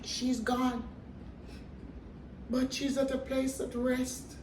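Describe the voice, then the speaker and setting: A woman's voice: high voice, level tone, slow, darkish tone, a little hiss or hum. An older woman hosting a home cooking video, talking earnestly and directly to her viewers. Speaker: cooking vlogger. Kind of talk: casual home cooking talk. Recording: echoey room, voice a little distant from the mic.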